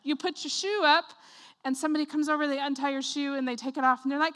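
Woman preacher, high and bright-voiced, lively storyteller in a sermon. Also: fast. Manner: animated storytelling, acts out voices, laughs often.

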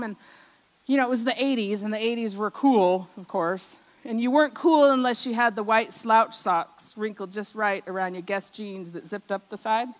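A middle-aged woman preaching a personal testimony, telling stories from her childhood, acting out the voices she remembers and often trailing off softly. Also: a little high, rough recording. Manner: storytelling, acts out remembered voices, drops soft at ends of lines. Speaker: speaker at a church service.

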